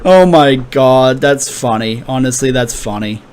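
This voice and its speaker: A man's voice: mid-range voice, unhurried, darkish tone, smooth. A man casually reviewing a comic chapter with rambling, hesitant talk and frequent laughter. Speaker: anime and manga reviewer. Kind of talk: casual commentary.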